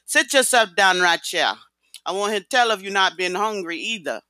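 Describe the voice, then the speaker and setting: A narrator plays a warm but bossy older housekeeper with a Jamaican accent. She fusses over the girl in a high, lively, bright voice with dry, close sound. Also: moderate pace, no room sound. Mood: motherly. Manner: motherly, bossy. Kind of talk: audiobook character voice.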